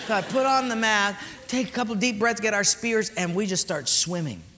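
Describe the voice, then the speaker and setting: A man's voice: high voice, moderate pace, sharp tone, a little hiss or hum. A man preaching a sermon as a pastor, telling a story animatedly and acting out the dialogue. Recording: reverberant hall, faint ambience.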